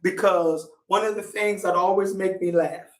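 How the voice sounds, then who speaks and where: A man leads a church lesson, slow and deliberate, circling back to drive each point home. His voice sits high for a man. He is heard from a distance in an echoing room. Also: steady tone. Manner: deliberate, repeats key points for emphasis. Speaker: church teacher. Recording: roomy echo, distant from the mic.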